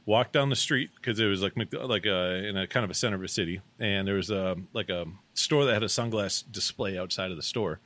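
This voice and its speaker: A man's voice: lowish voice, brisk, few pauses, a bit bright. A man co-hosting a podcast, telling a story in a brash, profane, casual way. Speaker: podcast co-host.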